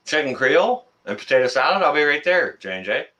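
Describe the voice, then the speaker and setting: A man's voice: a little high, big pitch swings, fairly quick, bright, forceful tone. A man hosting a casual live-stream chat, joking and teasing his guest. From Canada. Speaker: channel host.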